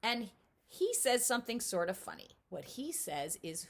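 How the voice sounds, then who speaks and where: A middle-aged woman giving children a lively home lesson, speaking right to the kids and doing bird calls. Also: a little high, normal speed, creaky. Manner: animated, talks straight to kids, imitates owl calls. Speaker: children's author teaching at-home learners. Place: home, indoors.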